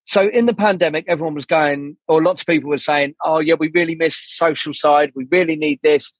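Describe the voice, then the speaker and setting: Husky-voiced man, candid and rambling. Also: on the high side, fairly even intonation, a little fast, no echo. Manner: swears a lot, rambling, acts out quoted people. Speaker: podcast guest, jazz saxophonist. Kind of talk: candid podcast conversation.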